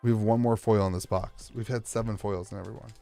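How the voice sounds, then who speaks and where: A man's voice: fairly low pitch, steady tone, fast, gravelly, mellow, soft background music. An American man streaming live as he opens card packs, rambling with sarcastic, self-mocking banter.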